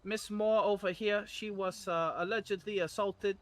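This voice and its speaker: A man plays a bumbling TV field reporter in a high voice. He hesitates with many fillers as he questions people. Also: steady tone, fairly bright tone. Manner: halting, filler-heavy questioning.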